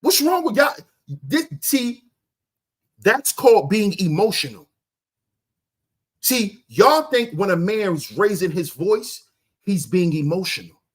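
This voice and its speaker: Loud ranting man with lively pitch. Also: slow, pauses often, slightly rough. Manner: loud, confrontational, profane, often shouting; asks rhetorical questions and answers them himself. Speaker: livestream host. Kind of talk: ranting commentary to live chat.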